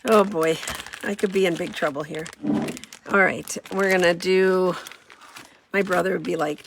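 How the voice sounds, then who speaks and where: A woman's voice: fairly low pitch, steady tone, a little slow, vocal fry, pauses often, slight background noise. A woman running a casual crafting demo, chatty and self-deprecating, thinking aloud as she works. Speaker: craft demonstrator.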